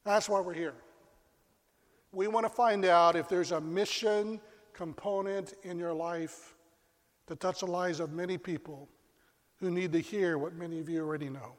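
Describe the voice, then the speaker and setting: A male pastor preaching a sermon, telling a story with dramatic pauses and dropping to a hush. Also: sits high, steady tone. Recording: long reverb of a large hall.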